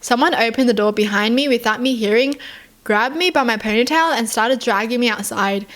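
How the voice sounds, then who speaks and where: A young woman from Australia, with a voice on the higher side, reads stories aloud to her viewers. She breaks off to react with exasperated remarks and heavy sighs. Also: a little fast, a bit bright. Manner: indignant outbursts and sighs between readings. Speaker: YouTuber.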